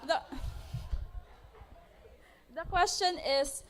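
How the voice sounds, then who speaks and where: Brief: young Filipino woman, high bright voice, brisk polite forum moderator. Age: young adult. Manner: brisk, polite, calling names in turn. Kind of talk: reading questions at a candidates' forum.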